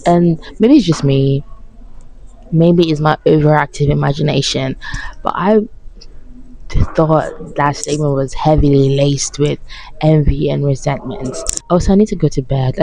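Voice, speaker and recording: A woman's voice: sits low, fairly even intonation, moderate pace, mellow, rough recording. A tired woman ranting to camera about a reality dating show, blunt, sarcastic and full of swearing. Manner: blunt, sarcastic, profane, mocking. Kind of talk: casual rant to camera.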